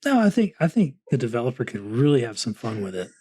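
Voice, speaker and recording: A man's voice: mid-range voice, big pitch swings, quick pace, dark tone, breathy edge, dry recording. A man with a mid-range voice, recorded dry and close with no room sound. He chats in a laid-back way, spinning easygoing stories as a podcast co-host. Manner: laid-back storytelling, laughing asides. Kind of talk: casual chat.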